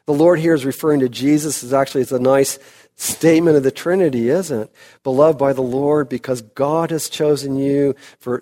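A man preaches an expository sermon in a slow, emphatic way, climbing to loud, high peaks before falling back to quiet.

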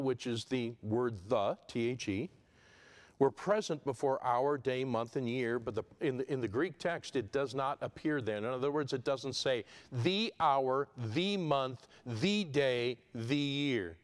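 A man preaching an expository sermon, building to loud emphatic peaks and dropping low and quiet, with a repetitive listing cadence. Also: normal speed.

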